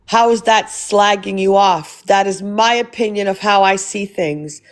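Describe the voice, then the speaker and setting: A woman's voice: medium pitch, unhurried. A woman hosting a livestream, thanking viewers and arguing bluntly with a guest. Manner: blunt, argumentative. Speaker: livestream host. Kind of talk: livestream chat and argument.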